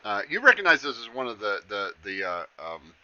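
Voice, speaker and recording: A man narrating as game master of a tabletop game, with halting speech and many fillers. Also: fairly low pitch, wildly swooping pitch, pushed and bright, clear, resonant tone. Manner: halting, lots of fillers and restarts. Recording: dull lo-fi stream audio.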